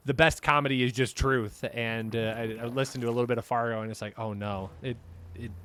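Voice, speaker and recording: A young man from the upper Midwest of the United States, casting an esports match with easygoing, joking chat that lifts with excitement on big plays. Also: medium pitch, quick pace, smooth. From upper Midwest, USA. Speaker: esports caster. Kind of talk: game commentary with casual chat.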